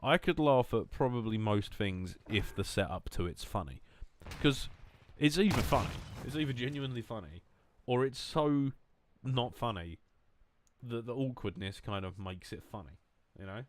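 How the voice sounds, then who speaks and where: A man's voice: mid-range voice, normal speed, a little hiss or hum. A man streaming a game, chatting casually in a rambling, joking way, mocking himself and swearing freely. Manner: loose, wandering talk with restarts. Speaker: gaming streamer.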